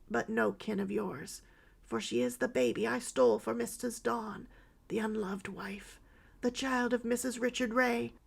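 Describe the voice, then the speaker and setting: A woman reading as a dying woman in her fifties, begging for prayer and confessing an old wrong. The voice is gravelly and breaks upward when pleading, as in a storybook audiobook. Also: fairly high pitch, heavily acted.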